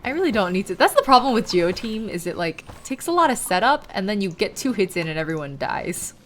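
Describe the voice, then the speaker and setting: A woman's voice: mid-range voice, big pitch swings, brisk, a little hiss or hum. A woman streaming a game, reading the characters' lines aloud in a formal tone and breaking off to chat and laugh.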